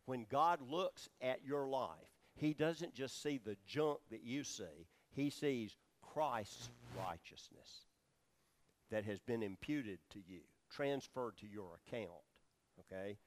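A man's voice: medium pitch, lively intonation, takes it slowly. A man teaching a Bible study sermon, explaining words and asking his listeners questions as he goes. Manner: explanatory, asks the audience questions, many fillers. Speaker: preacher teaching scripture.

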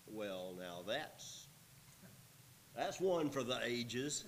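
A man's voice: medium pitch, very animated, extremely slow, long pauses, slight background noise, rough recording. A man teaching through a Bible passage, reading verses aloud and then explaining them in an easygoing, conversational way.

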